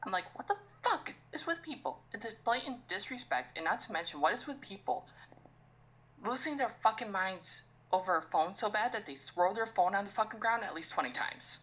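A woman's voice: mid-range voice, a little fast, fairly bright tone, muffled recording. A young woman ranting on a casual podcast, swearing often and sounding exasperated. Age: young adult. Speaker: podcast co-host.

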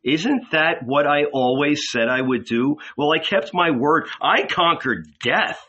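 A man reading an audiobook, voicing a calm, gentle male rabbi who speaks earnestly. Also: a little high, a little slow, lo-fi sound. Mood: tranquil.

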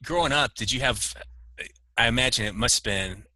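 A man's voice: medium pitch, moderate pace, sharp tone, no room sound, rough recording. A man interviewing a guest, asking curious, rambling questions in casual chat.

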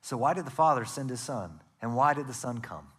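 A man preaching a sermon as pastor, earnest, often dropping to a soft, hushed delivery for emphasis. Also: mid-range voice, expressive, a little fast, slightly rough.

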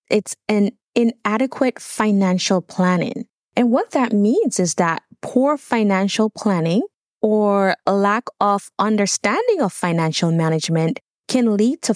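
A woman's voice: mid-range voice, no room sound, clean studio sound. A middle-aged woman with a Jamaican accent talks through prepared points on business money fears, often breaking off into personal asides. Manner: reads points then adds personal asides. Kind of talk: solo talk reading notes with asides.

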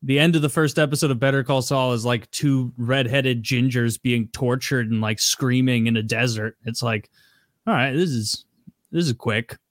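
A man's voice: medium pitch, moderate pace, no echo, clean studio sound. A man chatting casually as a podcast co-host, peppering his talk with "like". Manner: chatty, with many "like" fillers. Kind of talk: casual chat.

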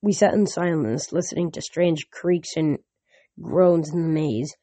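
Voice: mid-range voice, measured pace, dark tone, no room sound. A reader reading a novel aloud in first person, with frequent slips and restarts.

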